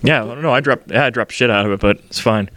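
A man's voice: medium pitch, quick pace, a bit bright. A young man co-hosting a podcast, blunt and crude, swearing constantly in casual chat. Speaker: podcast co-host.

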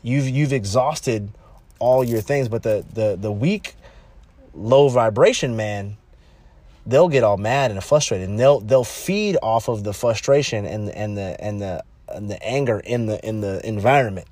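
A man talking casually and bluntly about dating, animated and repetitive, jumping higher when he quotes people. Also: unhurried, dry recording. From California, United States. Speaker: relationship advice talker. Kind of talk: casual monologue.

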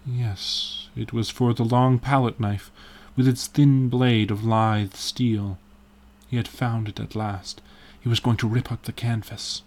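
Man reading a story, measured and expressive. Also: medium pitch. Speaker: narrator. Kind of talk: audiobook narration.

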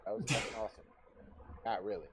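A young adult man telling a story in a casual chat, swearing freely, animated, and often breaking into laughter. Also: lowish voice, fast talker, noisy background. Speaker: podcast guest telling a story.

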